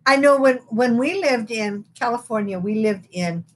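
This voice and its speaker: A woman's voice: a little high, moderate pace, slight background noise. A middle-aged woman co-hosting a live podcast, chatting casually and telling stories with little repeats. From western United States. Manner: chatty storyteller, repeats words while telling anecdotes. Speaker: podcast co-host. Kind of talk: casual chat.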